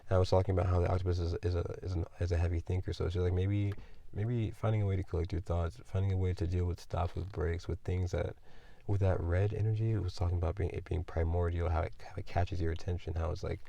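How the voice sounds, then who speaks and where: A man's voice: deep voice, level tone, quick pace, creaky, mellow, highs cut off. A man doing a casual tarot reading, rambling and thinking aloud with lots of fillers. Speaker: tarot reader.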